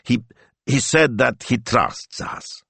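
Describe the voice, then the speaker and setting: A man's voice: medium pitch, slow pace, creaky, a bit bright, dry recording, pitched above the performer's own voice, exaggerated voice. A male narrator voicing a harried, sarcastic middle-aged shopkeeper in an audiobook. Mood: exasperated. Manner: exasperated and sarcastic.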